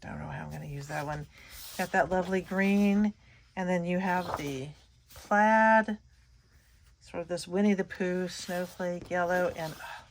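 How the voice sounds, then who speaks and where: A middle-aged woman talks casually through a haul of scrapbook paper, gushing over each sheet. Her voice sits a little low, and she often trails off mid-sentence and starts again. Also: measured pace, creaky, a little hiss or hum. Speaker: scrapbooking channel host. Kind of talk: casual show-and-tell chat.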